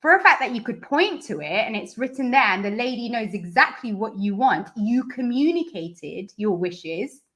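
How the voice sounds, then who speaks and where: A woman's voice: on the high side, sing-song, moderate pace, few pauses, fairly bright tone. A woman speech and language therapist answering interview questions, explaining earnestly and step by step through examples.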